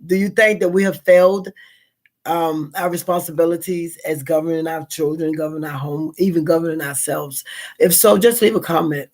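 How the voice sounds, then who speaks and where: A woman's voice: low voice, steady tone, normal speed, darkish tone. A woman with a Southern American accent hosting a live stream, talking through a casual reflection in a rambling way, with fillers and repeated words.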